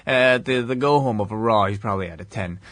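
A man's voice: fairly low pitch, fast talker, fairly bright tone, dry recording. A man co-hosting a podcast, adding dry, matter-of-fact quips. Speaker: podcast co-host. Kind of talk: casual chat.

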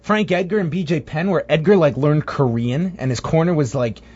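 A man co-hosting a podcast, telling rambling, animated stories in casual chat. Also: a little high, normal speed, breathy edge. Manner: rambling, animated storytelling with voiced impressions. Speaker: podcast co-host. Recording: muffled lo-fi audio.

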